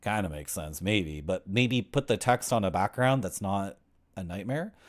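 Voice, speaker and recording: A man's voice: low-pitched, lively intonation, moderate pace. Brief: a man in his forties reads a game's story aloud, with sarcastic asides between the lines. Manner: wry, griping asides, sarcastic. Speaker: game streamer. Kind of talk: reading game text aloud with commentary.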